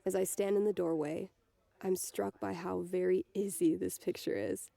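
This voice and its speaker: A woman reads a novel aloud in a low, gravelly, mellow voice. She narrates softly in the first person and slips quietly into the dialogue. The sound is dry and close. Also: fairly even intonation, normal speed, no room sound. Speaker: reader.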